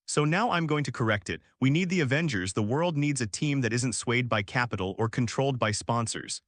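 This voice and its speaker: A man reading the lines of a stern, commanding one-eyed spy chief, forceful and firm. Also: mid-range voice, animated, brisk, no echo, clean studio sound, lightly acted.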